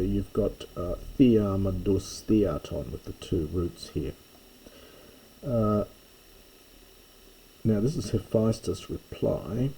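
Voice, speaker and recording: Older guy lecturing slow and halting, real dark mellow voice, faint hiss behind. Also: lowish voice, low-quality recording. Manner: halting, with frequent ums and restarts. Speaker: classics lecturer.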